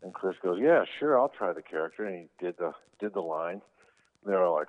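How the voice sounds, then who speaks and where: A man with a very deep voice tells stories in a relaxed, lively way, jumping up in pitch when he quotes people. His voice comes through a thin, phone-like line. It sounds like a chatty remote interview. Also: fairly quick. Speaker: guest telling stories about his brother. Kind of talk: casual anecdotal storytelling.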